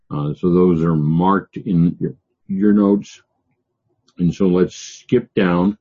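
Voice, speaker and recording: An older man teaches scripture verse by verse in a deep, husky voice. He halts often with fillers and slows down to read each quotation. The recording is dull and lo-fi. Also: dark tone. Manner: halting, many "uh" fillers, reads scripture slowly. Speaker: Bible teacher.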